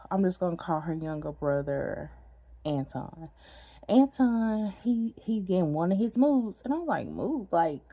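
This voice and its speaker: A woman with tells a story to her viewers. Her voice sits low and sounds dry and close. She talks in a lively, profane way, calling her listeners "girl.". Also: no room sound. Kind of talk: casual story time.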